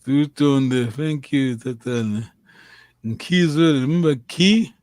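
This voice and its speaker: A man teaching a language lesson, giving slow, patient and encouraging drills. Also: medium pitch, a little mellow, no echo.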